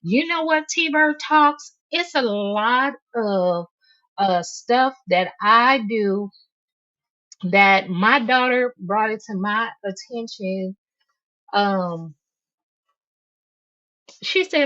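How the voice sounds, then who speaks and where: A woman's voice: on the high side, animated, takes it slowly, pushed and bright, highs cut off. Emphatic woman in her fifties, candid. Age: 50s. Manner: candid, emphatic, laughs often while talking. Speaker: livestream host. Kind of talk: casual livestream talk reading chat.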